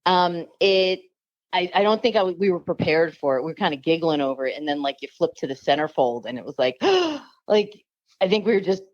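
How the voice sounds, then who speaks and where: A woman's voice: deep voice, fast, no echo, muffled recording. A woman guest on a podcast, chatting casually and laughing often.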